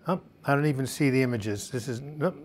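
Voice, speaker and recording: A man's voice: medium pitch, brisk. A man hosting a casual weekly live chat from home. He reads viewers' names and comments aloud, with frequent fillers. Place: home in Portland, Oregon. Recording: faint background noise from outdoors. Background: faint music and outside noise.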